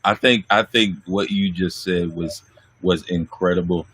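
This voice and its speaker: A man's voice: sits low, fairly even intonation, a little slow, a bit bright, breathy edge. A man hosting a church talk show, reflective and searching for words, often repeating himself. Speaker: host.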